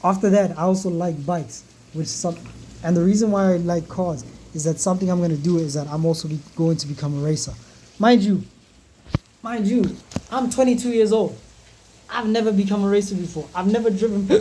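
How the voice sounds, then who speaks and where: Young man in his twenties, warm dark voice, blunt and profane, confessional vlog, faint background hiss. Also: sits high, normal speed. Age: 20s. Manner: frank, profane and emotionally raw.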